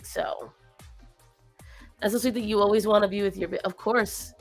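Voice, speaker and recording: A stream host talks casually on her livestream, rambling and sounding worn down after a long week, now and then switching to baby talk for her pets. Her tone holds steady at a moderate pace, with faint music in the background.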